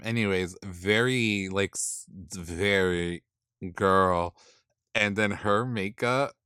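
A man giving sassy, blunt casual commentary, swearing freely and dismissing outfits with drawn-out put-downs. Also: lowish voice, a bit bright, smooth, no echo, studio quality. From not from the East Coast. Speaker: commentator reviewing drag looks.

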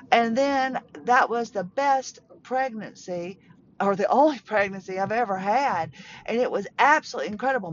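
A woman's voice: on the high side, dull audio. A woman in her fifties hosting a podcast, rambling through personal stories from a parked car, emotional and often interrupting herself. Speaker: podcast host.

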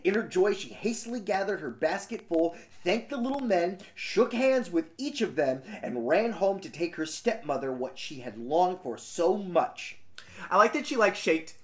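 A man's voice: high-pitched, very animated, normal speed. A man co-hosting a podcast, reading a fairy tale aloud and joking around with laughter and casual swearing. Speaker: podcast co-host and reader.

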